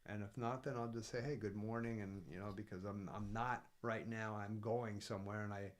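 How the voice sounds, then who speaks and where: A man's voice: fairly low pitch, steady tone, fairly quick. A man co-hosting a podcast, talking in an earnest, rambling way with frequent restarts. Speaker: podcast co-host. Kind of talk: casual reflective chat.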